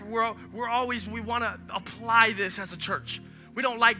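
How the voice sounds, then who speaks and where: High, bright-voiced male pastor preaching. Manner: animated, conversational preaching with asides to the congregation. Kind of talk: sermon. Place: church sanctuary. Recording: live church stream with music.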